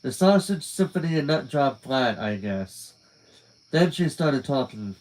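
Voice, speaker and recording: A man's voice: medium pitch, sing-song, measured pace, a little mellow, rough recording. A man reading a novel aloud on a live stream, casual and conversational, breaking off to talk to his viewers. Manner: casual, conversational, trailing off at phrase ends. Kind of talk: live reading with chatty asides to chat.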